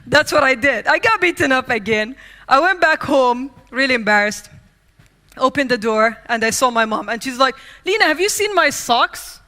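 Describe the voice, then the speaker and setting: Woman keynote speaker from the Middle East, high bright voice, lively storyteller acting out scenes. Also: normal speed. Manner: lively, acts out scenes and quotes. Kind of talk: humorous storytelling speech. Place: conference stage.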